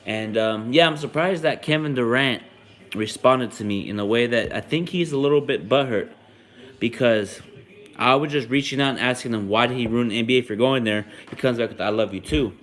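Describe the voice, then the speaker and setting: A man's voice: mid-range voice, a little fast, fairly bright tone. Rambling young man on a sports podcast. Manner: rambling, repeats himself, frequent ums. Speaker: podcast host. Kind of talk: casual sports podcast chat.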